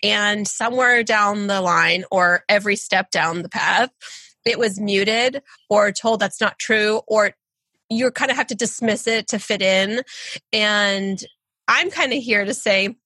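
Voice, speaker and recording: An earnest woman talks through ideas on a podcast in a bright, forceful voice. She sounds encouraging and reflective. The recording is dry and close. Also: medium pitch, a little slow, dry recording. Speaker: podcast guest, intuitive. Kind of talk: casual spiritual conversation.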